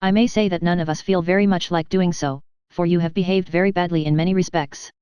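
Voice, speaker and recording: Cold commanding aunt, as a woman narrator reads her, storybook, low pitch, dull dry sound. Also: fairly even intonation, fast, warm tone, smooth, no echo, lightly acted. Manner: curt, commanding. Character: stern, cold, proud middle-aged aunt.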